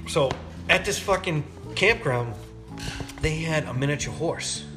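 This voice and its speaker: A man's voice: on the high side, lively intonation, measured pace, music in the background. A man hosting a podcast, telling rambling, profane stories in a casual way. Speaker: podcast host. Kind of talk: casual storytelling.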